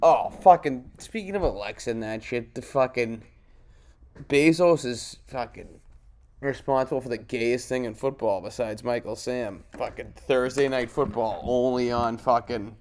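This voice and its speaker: A man's voice: mid-range voice, moderate pace, darkish tone. A man co-hosting a podcast, bantering in a crude, mocking way during casual chat. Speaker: podcast co-host.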